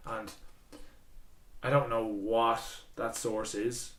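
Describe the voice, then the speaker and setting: A man's voice: medium pitch, level tone, takes it slowly, fairly bright tone. A man with an Irish accent, hosting a casual podcast conversation, reflective and searching for his words. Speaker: podcast host. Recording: echoey room, distant from the mic.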